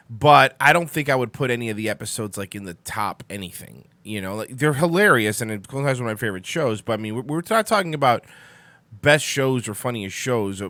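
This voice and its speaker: A man's voice: mid-range voice, pushed and bright, no echo. A young man hosting a casual morning live stream, rambling and sarcastic, sleepy and yawning, swearing as he answers the chat. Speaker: host of a live-streamed morning talk show.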